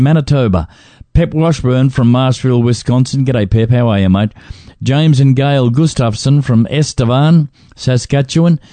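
A man's voice: medium pitch, dark tone, no room sound. A man co-hosting a ministry radio show, reading a list of donors and joking as he stumbles over names.

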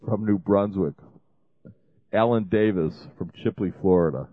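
A man's voice: sits low, a little slow, no echo. A man hosting a ministry show, making a rambling fundraising appeal full of restarts and fillers. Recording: dry, phone-like lo-fi sound.

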